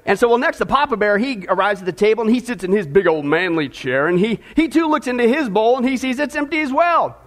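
A pastor preaches to his congregation in a very high-pitched man's voice. He keeps it chatty and jokey, tossing asides to people in the room. Then he turns earnest about scripture. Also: lively intonation, fast talker, a bit bright. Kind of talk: sermon. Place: church service before a congregation.

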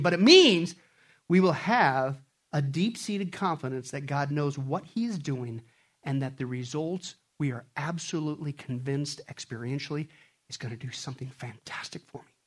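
A man preaching a sermon, animated, swinging between loud bursts and quiet stretches. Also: a little high. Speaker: pastor.

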